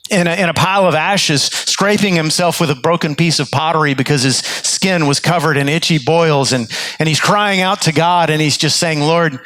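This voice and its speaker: Male pastor, sermon delivery, earnest storyteller, slightly high voice, dry close sound. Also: a bit bright, no echo. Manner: earnest storytelling preacher with frequent restarts. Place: church sanctuary.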